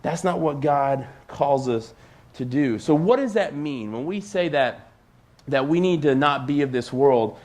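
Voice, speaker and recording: A man's voice: a little high, lively intonation, unhurried, a little mellow. A man preaching a casual youth sermon from a church stage, talking conversationally and filling his sentences with "like". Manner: conversational, peppered with "like". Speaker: youth pastor.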